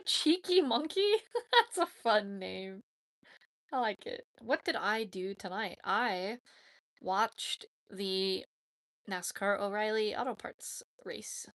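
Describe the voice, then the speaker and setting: A woman's voice: mid-range voice, takes it slowly, a bit bright, no room sound. A woman hosting her own channel in a casual livestream chat, chatty and giggly, teasing herself as she talks. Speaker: YouTube channel host.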